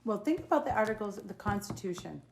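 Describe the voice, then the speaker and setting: A woman's voice: mid-range voice, lively intonation, fast, gravelly, a little mellow, roomy sound, a little hiss or hum. A middle-aged woman with a Boston accent, a guest in a casual political podcast chat, opinionated and emphatic, repeating her points.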